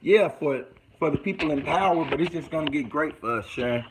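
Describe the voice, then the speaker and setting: A man's voice: a little high, animated, a little fast, noisy background. A man talking casually to his viewers, rambling and repeating himself as he promotes his social media pages. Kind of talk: casual talk to camera.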